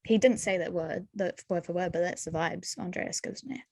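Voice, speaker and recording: A woman's voice: fairly low pitch, normal speed, creaky, a little mellow, no echo. Chatty Australian woman, dry sound. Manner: chatty, rambling opinions. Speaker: podcast co-host. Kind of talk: casual chat.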